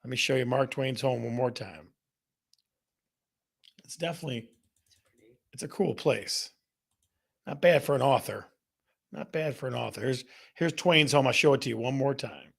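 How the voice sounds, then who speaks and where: A man's voice: medium pitch, normal speed, creaky, long pauses, fairly bright tone, slightly rough. A man hosting a casual live show, upbeat and playful, reading out viewer comments from the chat. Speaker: host of a real estate live show.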